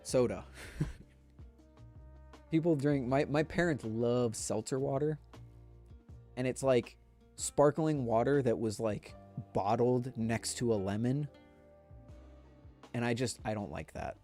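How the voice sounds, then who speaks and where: A man's voice: medium pitch, takes it slowly, pauses often, mellow, soft background music. A man chatting casually on a live stream, rambling in a laid-back way and speaking straight to his viewers. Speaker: livestreamer.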